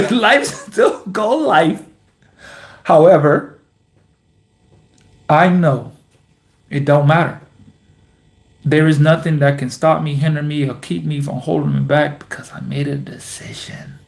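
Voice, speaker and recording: A young man hosts his own basketball vlog, speaking. He talks in a slow, earnest, repetitive way, with long pauses between his thoughts. His voice sits a little high for a man. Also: little pitch movement, gravelly, a little mellow. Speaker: basketball vlogger, host of the channel. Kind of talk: reflective personal vlog monologue.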